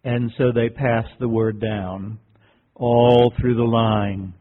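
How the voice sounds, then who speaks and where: A man presenting at a workshop, giving a reflective lecture and telling a teaching story in a measured, deliberate way. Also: medium pitch, fairly even intonation. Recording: tinny phone-like recording.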